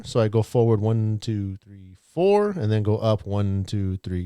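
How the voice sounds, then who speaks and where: A man's voice: fairly low pitch, sing-song, unhurried, hardly any pauses, mellow, smooth, no echo. Chatty male math teacher, dry sound. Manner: chatty, walking students through steps aloud. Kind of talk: online class lesson.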